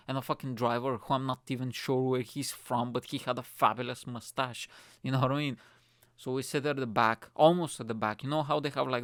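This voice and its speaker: A man's voice: medium pitch, clean tone, no room sound, clean studio sound. A young man from Bulgaria hosting his own show, telling a long rambling travel story, swearing freely and calling everyone mate. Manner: profane, rambling, animated retelling with lots of 'mate'. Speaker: show host. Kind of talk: comedic storytelling monologue.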